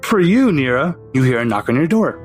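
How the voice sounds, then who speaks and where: A man's voice: fairly quick, soft background music. Man narrating as game master. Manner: animated, laughs often, rising pitch.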